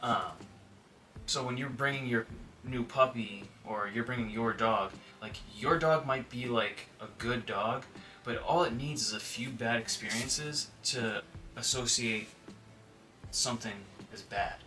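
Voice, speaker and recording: This dog trainer addresses the camera in a relaxed, conversational way, using plenty of fillers and sometimes voicing imagined lines from dogs and owners. He has a mid-range voice with a measured pace and a pushed, bright quality. The mic is far away, and soft music plays in the background.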